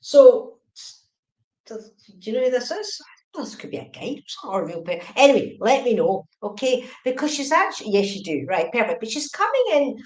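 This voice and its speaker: A woman giving fast, chatty psychic readings on a live stream, often checking in with okay and right. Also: on the high side, sing-song, a little mellow, reverberant, poor audio. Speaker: medium.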